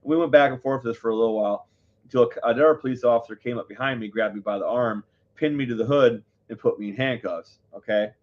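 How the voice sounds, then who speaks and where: A man's voice: medium pitch, fast talker. Heated, foul-mouthed man telling a story. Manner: heated, profane, rambling. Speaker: live show host. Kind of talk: casual storytelling to viewers. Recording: dull lo-fi audio.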